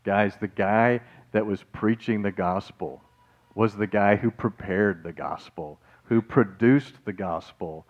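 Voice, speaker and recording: A man preaching a sermon in a casual, animated way, calling his listeners guys and folks, swinging between loud and soft. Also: fairly low pitch, takes it slowly, dull audio. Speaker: pastor.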